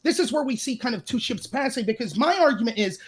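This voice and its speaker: A man's voice: very high voice, lively intonation, fast talker. A man in his thirties calling in over a voice call with a cutting-out mic, hedging and apologetic as he argues. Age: 30s. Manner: hesitant, apologetic, hedging with "I feel". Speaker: caller. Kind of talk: casual political debate. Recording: call audio, mic gating.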